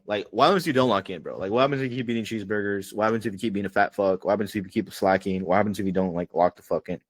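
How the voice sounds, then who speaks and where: Fast-talking slangy man on a call. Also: on the low side, no room sound. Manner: slangy and profane, heavy with "like" and "bro". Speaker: sales coach. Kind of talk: casual online training call. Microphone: video call.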